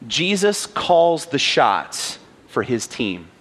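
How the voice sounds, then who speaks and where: A pastor giving a sermon, retelling a film scene in an animated way and asking the audience questions. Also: male voice, medium pitch, slow. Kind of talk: sermon with storytelling.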